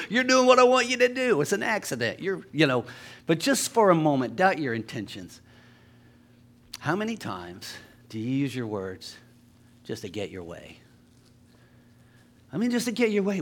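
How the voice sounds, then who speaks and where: A pastor preaching a sermon in a church, talking to the congregation conversationally and telling jokey stories. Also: male voice, a little high, sing-song, normal speed. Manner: conversational, joking storytelling.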